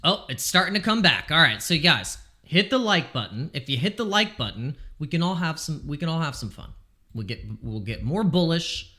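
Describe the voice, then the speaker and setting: A man with a bright, forceful voice pitched a little above the usual runs a casual crypto live stream. He talks in excitable, exasperated bursts and swears freely along the way. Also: normal speed.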